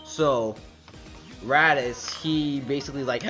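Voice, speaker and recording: A man's voice: medium pitch, normal speed, fairly bright tone, lo-fi sound, faint music behind. A man casually recapping a comic chapter, rambling with many fillers and restarts. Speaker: manga reviewer.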